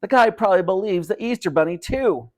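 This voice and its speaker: A man's voice: high-pitched, animated, brisk, pitched above the performer's own voice. A man doing a smug, mocking bratty boy. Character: mean bratty boy, prankster.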